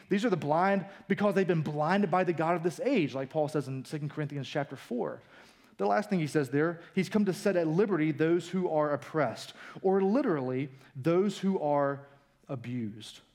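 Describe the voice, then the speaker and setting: High-voiced energetic male preacher. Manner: energetic, colloquial, builds up in pitch for emphasis. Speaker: pastor. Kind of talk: sermon.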